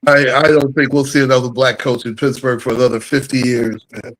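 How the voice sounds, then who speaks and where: A man's voice: medium pitch, steady tone, a little fast, a bit bright, poor audio. A man hosting a casual sports panel chat. He talks bluntly and laughs often. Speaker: host.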